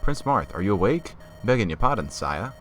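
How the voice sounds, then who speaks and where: A man's voice: fairly low pitch, sing-song, a little fast, a bit bright, pitched above the performer's own voice. A young man doing a deferential castle servant. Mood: polite. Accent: attempted British. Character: polite male castle servant. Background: game music.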